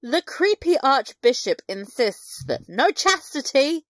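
A woman talks through a TV episode for her podcast, her pitch jumping around as she laughs and throws in asides. The sound is dry and close. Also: takes it slowly, dry recording. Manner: animated, laughing recap with asides. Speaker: podcast co-host. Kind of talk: casual recap chat.

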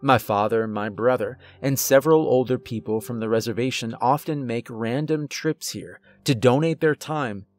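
A man narrates a scripted first-person horror tale with a measured, slow, dramatic delivery. His voice sits at an ordinary middle pitch. Soft music plays faintly underneath.

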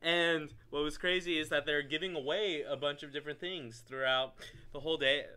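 A young man co-hosting a podcast, telling a story in a casual, animated way, often breaking into loud laughing bursts and leaning on filler words. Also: on the high side, fairly quick, clear, resonant tone. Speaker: podcast co-host.

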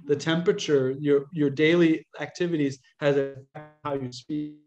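Chatty American priest in an echoey room. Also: male voice, a little high, normal speed, highs cut off, soft background music. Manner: chatty, animated, acts out quoted voices. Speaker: Catholic priest giving a talk. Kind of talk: casual storytelling lecture. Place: room with an audience.

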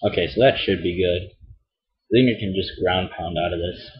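A man's voice: low voice, normal speed. Rambling young man playing a game. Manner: rambling, swears and groans at mistakes. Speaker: let's play host. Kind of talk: casual gameplay commentary. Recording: dull lo-fi mic.

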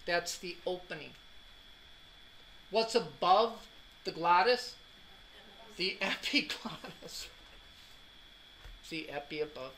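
A man's voice: high-pitched, expressive, measured pace, pauses often, a bit bright, slight background noise, low-quality recording. A man giving a classroom anatomy lecture, joking and quizzing students as he goes. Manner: joking, drills students with questions.

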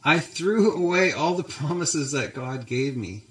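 Regretful husband blaming himself, as a pastor puts him on, slow, in a roomy hall. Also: male voice, a little high, expressive, fairly bright tone. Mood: ashamed. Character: ashamed, regretful man Abraham.

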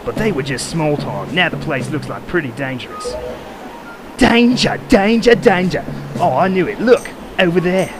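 A bossy young pirate captain barks orders in a put-on Cockney accent, as a man voices her. Her pitch swings lively and her tone is brisk and commanding, with game music behind her. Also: lightly acted. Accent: put-on Cockney, then Australian.

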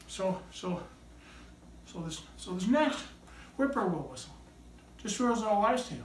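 A woman shows off her talking bird in lively, coaxing showman patter, praising it between tricks. Her voice sits at an ordinary pitch. The recording sounds roomy and distant, with a faint hiss underneath. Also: unhurried. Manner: animated, praises and coaxes the bird. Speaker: pet bird owner presenting tricks. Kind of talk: showman patter to a live audience. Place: indoor room with a pet bird. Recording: echoey room, mic at a distance, faint noise.

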